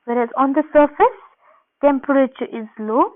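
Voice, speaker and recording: A woman geography teacher, giving a recorded class lecture in an explanatory manner, restating points and pausing with "uh" and "um". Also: high voice, expressive. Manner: explanatory, repeats points, frequent "uh" and "um". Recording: tinny phone-like audio.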